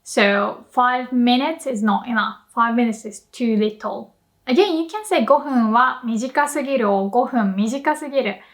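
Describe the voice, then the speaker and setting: A woman's voice: a little high, normal speed. A young woman teaching a casual video lesson, playful and laughing often as she explains, now and then acting out emotional example lines. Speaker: language teacher.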